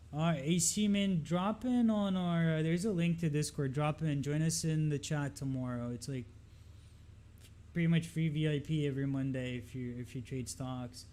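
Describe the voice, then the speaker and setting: A man's voice: on the high side, mellow. Casual man musing over market charts. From Lebanon. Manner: loose, rambling, lots of fillers and repeats. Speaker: market analysis streamer. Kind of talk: casual live-stream chart commentary.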